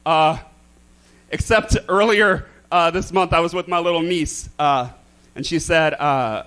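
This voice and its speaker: A man doing campy, theatrical stand-up comedy in a club, throwing quick asides to the crowd. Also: on the high side, a bit bright, clear, resonant tone. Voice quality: slight lisp. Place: comedy club stage with a live audience.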